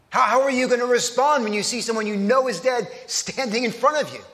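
A man's voice: sits high, a bit bright, in a large hall. A man preaching a sermon at a church service, telling the story in a conversational way and putting questions to his listeners.

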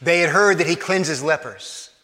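Earnest preacher guy, bit high voice, keeps restarting lines, long echo in the hall. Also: moderate pace. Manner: earnest, repeats and restarts phrases, drops soft for emphasis. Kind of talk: sermon.

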